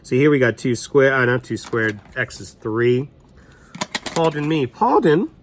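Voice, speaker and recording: Casual male teacher, 30s, chatty walkthrough, thinks aloud, mid pitch. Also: unhurried, slight background noise. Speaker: math teacher. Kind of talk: recorded classroom lesson walkthrough.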